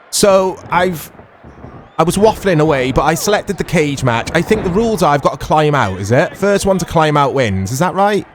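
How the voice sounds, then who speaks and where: Animated man rambling over gameplay. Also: fairly high pitch, a little hiss or hum. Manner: chatty, rambling, excitable, laughs often. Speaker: retro gaming YouTuber. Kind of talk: casual gameplay commentary.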